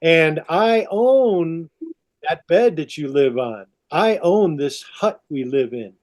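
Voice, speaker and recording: A man's voice: on the high side, measured pace, darkish tone, close to an everyday voice. A man voicing Adam as a shaken, bewildered first man who asks flustered questions while telling a story.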